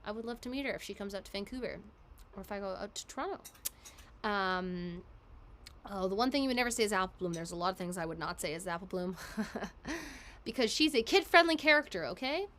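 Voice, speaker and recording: A woman voice actress casually chatting and answering fan questions on a live stream, giggly and quick. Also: mid-range voice, expressive, a bit bright, slight background noise.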